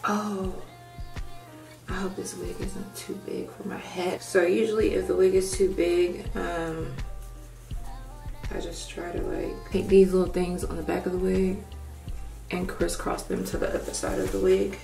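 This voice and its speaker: A young woman vlogging a hair tutorial at home in a casual chat, thinking out loud and rambling, with her morning voice still on. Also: fairly low pitch, flat delivery, measured pace, creaky, recorded from a distance. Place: room at home. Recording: echoey room, off-mic, faint music.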